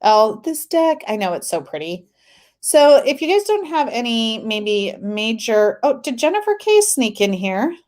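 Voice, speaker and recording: A woman's voice: a little high, sing-song, unhurried, darkish tone. A woman hosting a tarot live stream, chatting casually, reading viewer comments aloud and laughing often.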